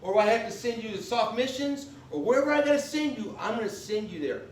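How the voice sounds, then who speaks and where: A man's voice: high voice, lively intonation, fast talker, distant mic, a little hiss or hum. A man presenting a live class on veterans benefits, folksy and emphatic, often checking in with "okay?". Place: convention meeting room. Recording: echoey room recorded from afar.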